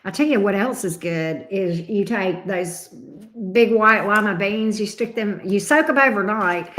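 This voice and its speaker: Slow-drawling woman chatting live. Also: medium pitch, fairly bright tone. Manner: chatty, drawling, answers viewers by name. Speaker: tarot reader hosting a livestream. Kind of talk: casual livestream chat.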